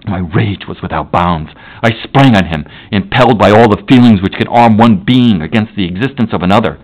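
A man narrating a classic novel as an audiobook, in a measured, formal, unhurried manner. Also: fairly low pitch.

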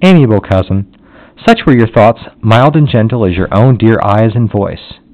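A man narrating a classic novel in a solemn, measured way. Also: fairly low pitch, animated, darkish tone. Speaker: audiobook narrator. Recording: dull lo-fi audio.

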